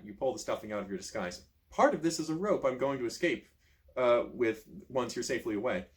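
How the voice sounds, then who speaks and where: A man reading a choose-your-own-adventure book aloud in an expressive storytelling manner, adding casual asides. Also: mid-range voice, brisk. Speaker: reader, channel host.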